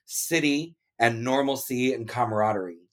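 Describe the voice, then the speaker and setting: A Southern American man hosts a laid-back podcast chat, talking in an animated, easy way. His voice sits at an ordinary middle pitch, neither deep nor high, and he laughs often. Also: moderate pace. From Florida, USA. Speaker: podcast host. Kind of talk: casual chat.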